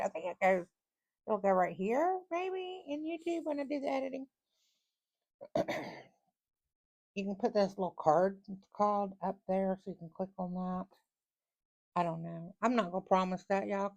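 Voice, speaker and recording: Woman tarot reader, casual and folksy, medium pitch. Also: gravelly. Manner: chatty and folksy, laughs often, thinks aloud. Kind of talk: casual tarot reading to viewers.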